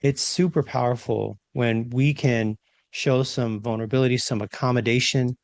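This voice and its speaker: A man co-hosting a podcast, talking through leadership ideas in a reflective, animated way and often checking in with "right?". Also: medium pitch, moderate pace, no room sound. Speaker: podcast co-host, leadership trainer. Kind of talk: casual conversational podcast talk.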